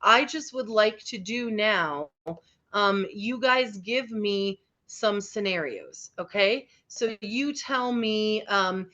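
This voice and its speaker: A woman's voice: medium pitch, lively intonation, slow, fairly bright tone. A woman teacher leading an interactive online lesson for teens. She is upbeat and encouraging and often checks in with the group. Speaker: teacher leading a teen workshop. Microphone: video call. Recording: slightly dull online call audio.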